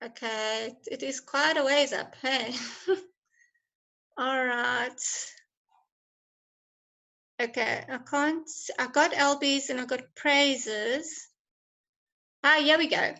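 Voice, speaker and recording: Bright, high-voiced encouraging woman teacher. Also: fairly even intonation, very slow, creaky, pauses often, rough recording. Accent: South African. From South Africa. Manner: encouraging, chatty, laughs often. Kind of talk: online class lesson.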